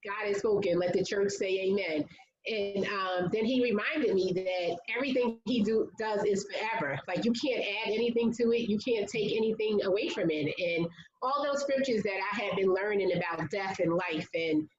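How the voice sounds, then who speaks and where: A woman's voice: mid-range voice, normal speed, echoey room, lo-fi sound, crowd noise. A woman speaking as an interview guest, telling a personal story in a candid, conversational way with lots of "like" fillers. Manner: earnest, conversational, many "like" fillers.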